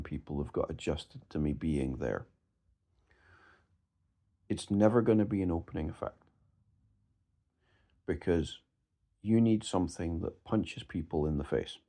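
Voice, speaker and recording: A man's voice: extremely low pitch, measured pace, long pauses, dark tone. A man giving an emphatic, direct casual talk on performing magic, often restarting his words. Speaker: mentalist discussing magic performance. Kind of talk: casual instructional monologue.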